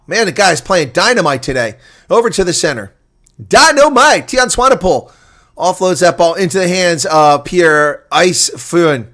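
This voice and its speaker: Man, rugby play-by-play commentator, somewhat high voice, calm asides, bursts of excited shouting. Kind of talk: live watch-along play-by-play commentary.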